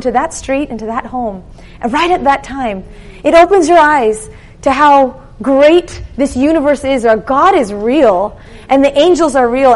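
A woman telling lively faith stories to a group, acting out the people she quotes. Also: high-pitched. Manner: animated storytelling with quoted voices. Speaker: speaker sharing ministry stories. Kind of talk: sermon-style storytelling.

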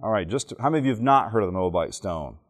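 A man's voice: on the low side, lively intonation, fast talker. Joking man teaching a church crowd. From Alabama, southern United States. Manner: joking storyteller who quizzes the audience. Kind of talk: teaching talk to a live audience.

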